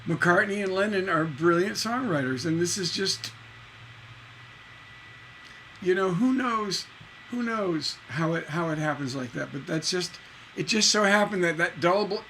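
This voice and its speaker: Bright, chatty man teaching songwriting. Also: high voice, a little hiss or hum, poor audio. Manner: chatty, rambling, repeats words, sings syllables to show rhythm. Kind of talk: casual livestream lesson.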